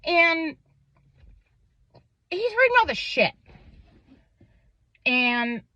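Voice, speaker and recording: A woman's voice: on the high side, bright, forceful tone, no echo. Young woman rambling and cursing thru a story, swings up and down a lot, dry muffled sound. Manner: rambling, swears often, stumbles over words. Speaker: vlogger. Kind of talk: emotional storytelling to camera. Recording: dull lo-fi sound.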